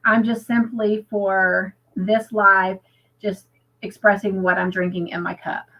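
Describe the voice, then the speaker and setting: A woman's voice: mid-range voice, level tone, a little slow, fairly bright tone, dull audio. An American woman hosting a casual livestream chat, upbeat and chatty, reading viewer comments aloud. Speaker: livestream host.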